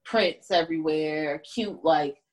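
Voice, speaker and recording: A woman with a slightly low, husky voice talks films on a casual podcast. She recaps scenes in an animated, colloquial way and throws in playful asides. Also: slow. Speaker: podcast co-host. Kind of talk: casual film discussion chat.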